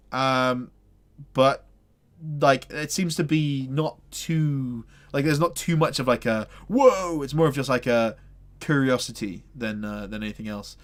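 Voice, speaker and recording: Guy running a tabletop game, rambles with lots of uhs, average pitch. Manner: rambling, full of fillers. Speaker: game master.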